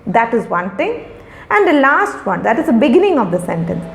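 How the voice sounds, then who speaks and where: A woman's voice: on the high side, sing-song, moderate pace, creaky. A middle-aged woman teacher, patiently sounding out and explaining words for young children. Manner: patient, repeats and explains each word. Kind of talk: recorded lesson for young children. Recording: echoey room.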